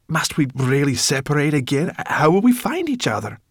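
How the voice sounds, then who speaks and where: A fretful little brownie girl from a storybook, squeaking and whining in a high, lively voice that leaps all over the place, as a male narrator puts her on. She grumbles and complains constantly, and the recording is close and dry. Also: normal speed, husky, no echo. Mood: distrustful. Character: small anxious female brownie, fretful and blunt.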